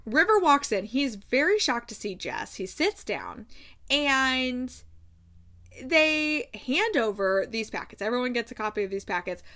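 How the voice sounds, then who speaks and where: A woman's voice: a little high, a little slow. A woman book vlogger giving a casual, chatty recap of a novel's plot. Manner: chatty, animated storytelling.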